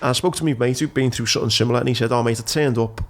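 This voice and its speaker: A man from England, a podcast host and ex-Marine, telling a frank, animated story in casual chat. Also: mid-range voice, rapid-fire.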